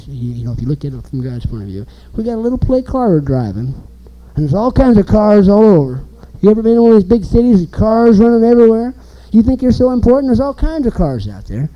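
A man preaching an informal sermon, animated and emphatic, asking the listeners questions. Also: sits high, a little fast, lo-fi sound.

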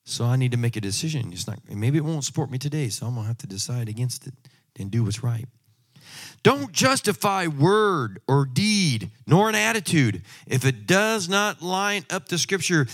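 A man preaching a sermon, emphatic, moving from loud exhortation to quiet asides and humorous personal stories. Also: a little high.

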